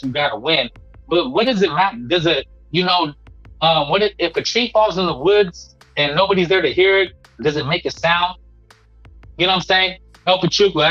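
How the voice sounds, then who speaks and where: High-voiced man ranting about boxing. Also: pushed and bright, highs cut off. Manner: emphatic and preachy, repeats himself, peppers lines with "man". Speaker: boxing talk show host. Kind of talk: casual boxing commentary monologue.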